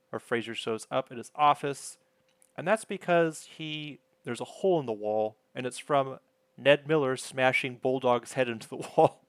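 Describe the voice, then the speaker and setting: A man's voice: mid-range voice, a bit bright, clean tone, no echo. A man casually recapping a sitcom episode in a rambling, chatty, self-deprecating way.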